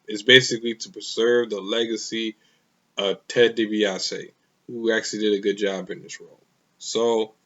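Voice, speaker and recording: A man's voice: medium pitch, pushed and bright, highs cut off. A man casually reviewing a wrestling show, rambling and opinionated, with many fillers.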